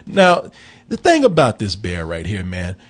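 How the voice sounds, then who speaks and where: A man's voice: on the low side, wildly swooping pitch, unhurried. A man hosting a casual film review show, telling the story in a profane, rambling, joking way. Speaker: film review podcast host. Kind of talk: casual comedic chat.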